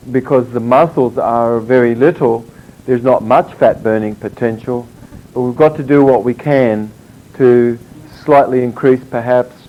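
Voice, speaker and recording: A man giving an informal health lecture, rambling and halting with many fillers and restarts. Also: mid-range voice. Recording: dull lo-fi recording with faint background noise.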